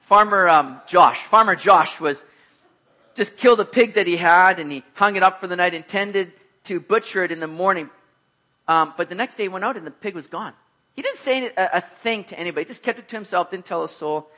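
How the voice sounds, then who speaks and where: Animated high-voiced male preacher. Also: brisk. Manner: animated storyteller, acts out voices, laughs at himself. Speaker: pastor. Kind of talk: sermon with personal stories.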